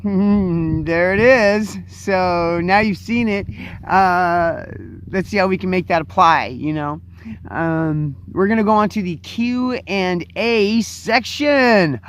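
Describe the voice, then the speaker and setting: A host with a high-pitched, clear and resonant voice clowns through a casual monologue on his show, dragging out words for effect. The sound quality is lo-fi.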